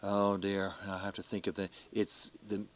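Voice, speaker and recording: A man's voice: low-pitched, completely flat delivery, moderate pace, fairly bright tone. A man who is a professional storyteller, talking animatedly in a casual interview, laughing often and acting out the people he quotes.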